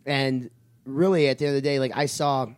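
A man's voice: mid-range voice, steady tone, fairly quick, no echo. Male podcast host, blunt and profane, dry close-miked sound. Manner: blunt, heavy swearing, rants. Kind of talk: casual podcast chat.

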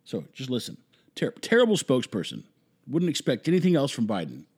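A man's voice: medium pitch, huge pitch swings, a little fast, darkish tone, breathy edge. Emphatic, rambling male commentator. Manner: emphatic, rambling, repeats words. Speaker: commentary host. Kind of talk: opinionated monologue.

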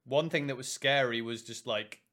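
A young man co-hosts a casual podcast, telling stories animatedly and acting out the lines he quotes. His voice is mid-range and his pace moderate.

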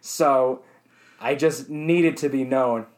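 A man's voice: mid-range voice, slow pace. A man co-hosting a podcast in casual comedic chat, rambling and swearing as he riffs. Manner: rambling, profane, self-deprecating. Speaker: podcast co-host.

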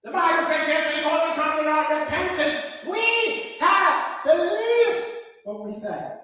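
A man's voice: extremely high pitch, animated, unhurried, pushed and bright. A man preaching a sermon as pastor, with fervent call-and-response questions and repeated scripture. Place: church sanctuary. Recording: echoey church hall, distant mic.

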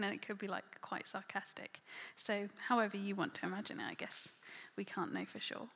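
A woman's voice: medium pitch, very animated, brisk, creaky, few pauses, fairly bright tone, slightly rough, long reverb tail. A woman preaching a sermon in a conversational, filler-heavy way, often dropping to a near-whisper. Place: church hall.

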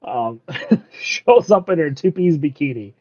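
Man with a highish voice, dull dry sound. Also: lively intonation, a little mellow, no echo. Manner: laughs often, acts out the characters' lines in quick asides. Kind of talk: casual chat recapping an anime.

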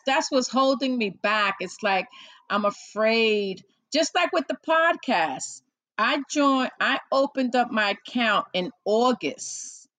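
Slow, gravelly woman podcast host. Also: a little high, a bit bright, no room sound, rough recording. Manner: chatty, self-deprecating, laughs often. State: nervous. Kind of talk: casual chat with a caller.

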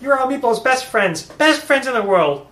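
A man doing a squeaky, gushing little kobold. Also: very animated, normal speed, fairly bright tone, distant mic, exaggerated voice. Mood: ecstatic. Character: excitable little male kobold, eager and devoted. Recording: echoey room.

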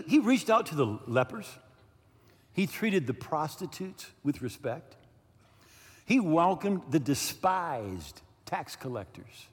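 A male pastor preaching a sermon emphatically, repeating key phrases and checking in with the congregation. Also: high-pitched. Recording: long hall reverb.

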